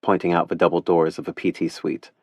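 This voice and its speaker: A man narrating a first-person audiobook in a wry, playful, expressive way. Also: deep voice, fairly quick, no room sound, clean studio sound.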